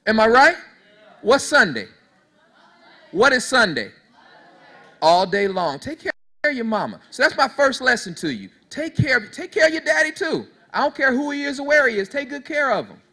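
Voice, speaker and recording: A man's voice: very high-pitched, sing-song, normal speed, bright, forceful tone. A man in his thirties giving a motivational speech to young people. He tells folksy stories and leads the audience in call-and-response. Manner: preachy call-and-response, talks straight to the audience; storytelling, folksy. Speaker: motivational speaker to youth.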